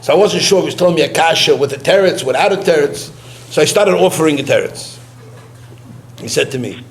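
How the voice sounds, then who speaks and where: A man giving a eulogy through personal stories, halting and repeating words, with Yiddish and Hebrew terms mixed into his English. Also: a little high, lively intonation, creaky, slight background noise. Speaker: eulogist, former student. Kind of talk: eulogy told as personal anecdotes.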